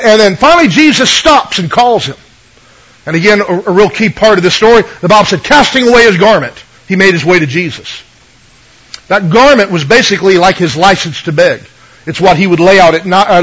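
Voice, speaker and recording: High-voiced preacher on radio. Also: male voice, a bit bright, rough recording. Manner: conversational preaching, asks the congregation for amens. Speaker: pastor. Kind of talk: sermon.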